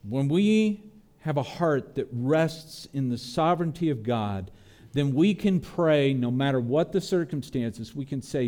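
A man preaching a sermon, earnest, his voice dropping low and soft on tender lines and lifting on prayers. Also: lively intonation, unhurried. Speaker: pastor.

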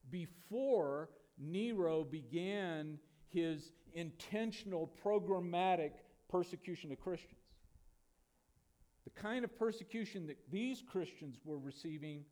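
A man's voice: high voice, a little mellow. A pastor preaching a sermon to his church, emphatic and full of rhetorical questions.

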